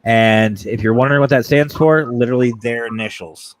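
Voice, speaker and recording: A man hosting a casual talk show, telling a funny story in an animated, jokey way and acting out voices. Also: medium pitch, fairly quick, no echo. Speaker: podcast host.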